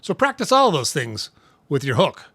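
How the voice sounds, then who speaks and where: A man hosting a casual tips talk, speaking conversationally, often checking in with "right?" and clearing his throat now and then. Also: fairly high pitch, huge pitch swings, moderate pace, fairly bright tone, no room sound. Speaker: host.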